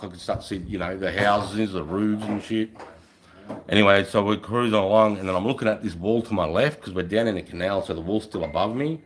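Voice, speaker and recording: Aussie bloke yarning war stories on a live stream, swears a lot, lowish voice. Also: male voice, a little hiss or hum, low-quality recording. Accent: Australian. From Australia. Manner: profane, animated, acts out voices. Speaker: army veteran storyteller on a live stream. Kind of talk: casual storytelling.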